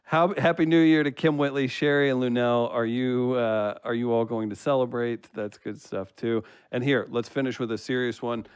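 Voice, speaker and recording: A man's voice: medium pitch, fairly even intonation, normal speed, few pauses, smooth, no echo. A man reading out listener comments on a casual comedy podcast, laughing easily and teasing the hosts.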